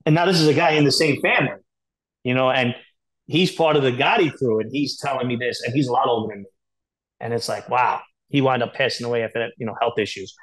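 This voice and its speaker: A man's voice: mid-range voice, fairly bright tone, poor audio. A man as a podcast guest telling candid stories in a blunt, profane way, full of fillers. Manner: rapid, blunt, profane, filler-heavy storytelling. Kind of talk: candid storytelling interview.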